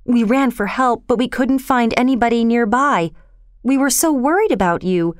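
A woman voicing an excitable young girl who gushes breathlessly. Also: fairly high pitch, moderate pace, dry recording, studio quality, close to an everyday voice. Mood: relieved. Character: excitable young girl, tearful best friend.

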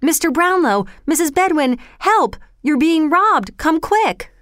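A woman voicing a frightened young boy who shouts for help in a high, urgent voice. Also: big pitch swings, unhurried, dry recording, studio quality, exaggerated voice. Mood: panicked.

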